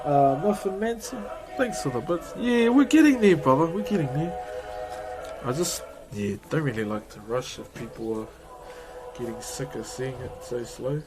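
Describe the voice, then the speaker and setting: A man's voice: mid-range voice, normal speed, low-quality recording. A young adult man with a New Zealand accent, chatting casually and laughing with his live-stream chat while he works on a woodcarving. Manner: laid-back, chuckling, friendly "bro" talk.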